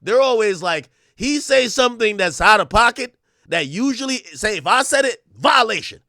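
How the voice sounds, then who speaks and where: A man's voice: high voice, lively intonation, moderate pace, bright, forceful tone, no room sound, clean studio sound. A man hosting a live stream, reacting to a clip with rambling, laughing, profane commentary. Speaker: livestream host.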